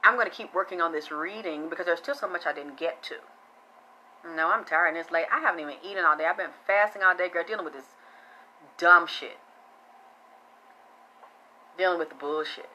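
A woman with a bright, sharp-edged voice hosts a casual live-streamed psychic reading. She talks bluntly and loosely and swears freely, and she keeps thanking her viewers by name between her points. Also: lowish voice, brisk, long pauses, a little hiss or hum, poor audio.

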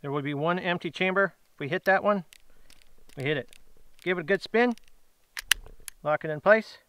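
A man's voice: high voice, fairly bright tone, clear, resonant tone, dry recording. A middle-aged man hosting an outdoor giveaway video, chatty and upbeat, drawing out the winners' names. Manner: upbeat, chatty, drawn-out announcements. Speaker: grilling channel host. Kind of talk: casual giveaway vlog.

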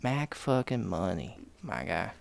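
With a deep, gravelly, sing-song voice and a slightly slow delivery, this young man hosts a podcast. His chat is loose and joking, peppered with profanity and filler words.

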